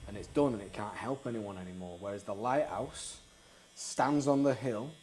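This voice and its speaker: A man's voice: lowish voice, normal speed, darkish tone, slight background noise, rough recording. A man hosting an interview, telling stories in a reflective way. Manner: reflective, storytelling. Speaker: podcast host. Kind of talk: casual interview chat.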